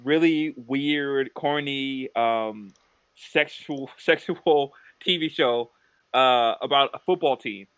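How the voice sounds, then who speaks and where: A man's voice: mid-range voice, slow pace, clear, resonant tone, dry recording. A young man co-hosting a podcast, chatting casually, joking and arguing his point in banter. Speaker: podcast co-host. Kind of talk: casual chat.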